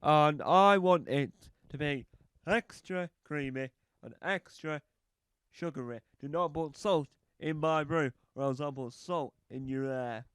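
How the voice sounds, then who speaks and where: Lady doing a shouty bossy builder lady barking orders, smooth clear voice. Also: low voice, expressive, slow, no echo. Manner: barking drill-sergeant instructions. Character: bossy loud female builder training recruits. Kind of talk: comedy sketch character.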